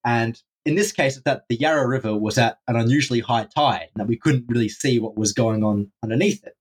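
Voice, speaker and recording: Young aussie guy telling a wild story, husky voice, animated and sweary. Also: medium pitch, fairly quick. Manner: animated, swears freely, laughs mid-story. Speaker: podcast guest, urban explorer. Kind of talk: casual storytelling.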